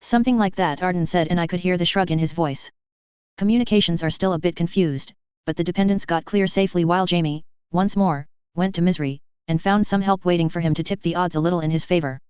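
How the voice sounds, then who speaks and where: An audiobook narrator reading a first-person story in a steady, even manner, recorded with a slightly muffled sound. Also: mid-range voice, quick pace, clean tone, no room sound.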